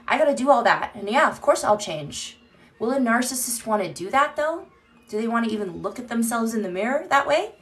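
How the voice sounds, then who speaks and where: A woman's voice: medium pitch, a bit bright. A woman chatting candidly on a live stream into her phone, rambling and swearing casually as she reads comments.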